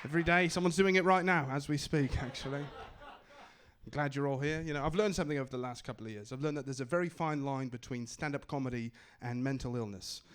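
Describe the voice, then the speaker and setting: A man's voice: mid-range voice, a little fast, a bit bright, clean tone. A young man performing a stand-up comedy set in a wry, self-deprecating way on a club stage.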